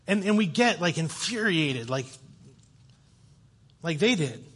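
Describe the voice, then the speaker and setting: Man preaching a lively conversational sermon. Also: on the high side, a little slow, pauses often. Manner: conversational, animated storytelling with self-deprecating humor. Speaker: guest preacher. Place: church sanctuary.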